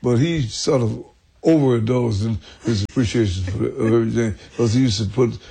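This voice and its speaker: A man's voice: medium pitch, moderate pace, vocal fry, warm tone, slightly rough. An older man telling stories in an interview, rambling and chuckling as he goes. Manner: rambling, chuckling, restarts often. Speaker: interview guest. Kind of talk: storytelling in an archive interview.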